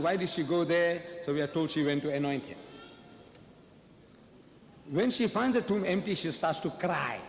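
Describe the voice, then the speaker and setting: A man's voice: on the high side, slight background noise. A man giving a public debate speech who poses questions and answers them himself, repeating key phrases for emphasis. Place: large lecture hall before an audience. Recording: reverberant hall sound.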